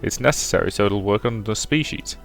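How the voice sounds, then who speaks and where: A man voicing a wary male alchemist in a put-on American Deep South accent, grumbling and skeptical. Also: fairly quick, vocal fry, fairly bright tone, faint music behind.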